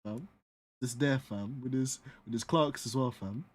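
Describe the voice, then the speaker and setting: A man's voice: medium pitch, measured pace, husky. A young man from North London with a London accent, bantering casually while sim racing, slangy and often laughing.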